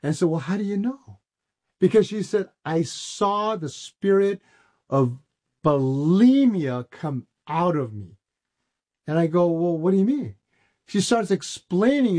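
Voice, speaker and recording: Man preaching with a mellow voice. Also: sits high. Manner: storytelling, repeats words when excited. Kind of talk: sermon with testimony.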